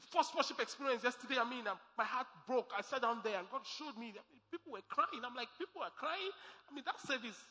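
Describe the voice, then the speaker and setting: A man's voice: sits high, sharp tone. A man preaching a sermon as pastor, emphatic and repeating his key lines. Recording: echoey hall with faint music.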